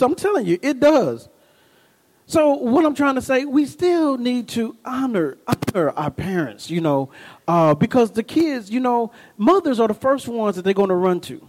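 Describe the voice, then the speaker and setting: In a rough recording, a middle-aged man with an extremely high-pitched voice preaches as pastor, telling folksy stories with call-and-response asides and rising into bursts of emphasis.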